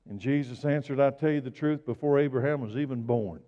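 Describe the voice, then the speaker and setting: Guy preaching big and dramatic, loud then hushed, long hall echo, kinda dull sound. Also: on the high side, brisk, hardly any pauses. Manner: dramatic, swings from loud exclamations to hushed lines. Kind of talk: sermon.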